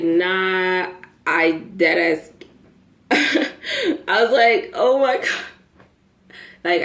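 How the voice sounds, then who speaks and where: A young woman telling a story to camera, profane and animated, laughing as she goes. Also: fairly low pitch, creaky. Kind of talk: casual storytime. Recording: echoey room.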